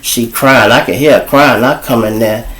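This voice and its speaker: A man with a Chicago accent, hosting his own show and telling a street story in casual slang, calling the listeners y'all and jumping high in pitch when he quotes people. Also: normal speed, poor audio. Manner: animated, jumps to high pitch for quoted lines. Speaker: storyteller host.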